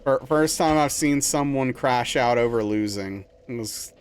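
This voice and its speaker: A young man streaming a game live, telling a rambling story in a casual, animated way with lots of filler words. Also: medium pitch, unhurried, soft background music. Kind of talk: casual chat while playing a game live.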